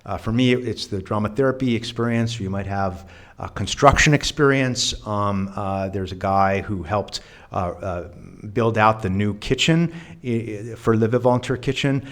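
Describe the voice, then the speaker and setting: A man talks through his answers in a casual interview. His delivery is earnest and reflective, full of small restarts. His voice sits a little low. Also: moderate pace. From New York. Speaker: guest, volunteer.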